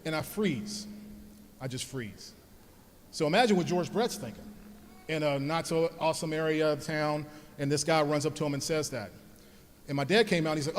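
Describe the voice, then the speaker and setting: A man giving a heartfelt speech at an alumni event, telling personal stories and speaking softly when he thanks his parents. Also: fairly high pitch, moderate pace, slight background noise. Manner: earnest, storytelling, grows soft when thanking his parents. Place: large hall at an alumni event. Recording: long hall reverb.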